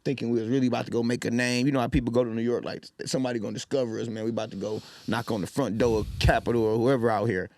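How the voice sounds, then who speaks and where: A man in his thirties from Detroit, telling lively stories as a podcast guest and acting out what people said. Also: medium pitch, very fast, hardly any pauses, a little hiss or hum. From Detroit, Michigan. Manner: animated storyteller, loud when acting out quotes. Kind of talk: casual storytelling.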